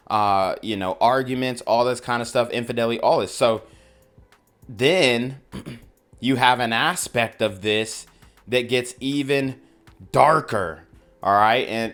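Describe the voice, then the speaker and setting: A man hosting a news commentary channel, reacting in casual talk with drawn-out exclamations. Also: mid-range voice, fairly bright tone, clear, resonant tone. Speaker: host reacting to news clips.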